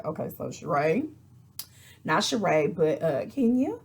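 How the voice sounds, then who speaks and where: A woman recapping a reality show in casual, animated chat, acting out quotes with exasperated asides. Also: deep voice, moderate pace, creaky, a little hiss or hum. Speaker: reality TV reviewer.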